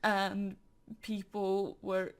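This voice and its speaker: A woman's voice: mid-range voice, completely flat delivery, very slow, clear, resonant tone. A young woman from Sweden with a Swedish accent, chatting casually and rambling while she draws, with stutters, often dropping to a murmur. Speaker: artist vlogger.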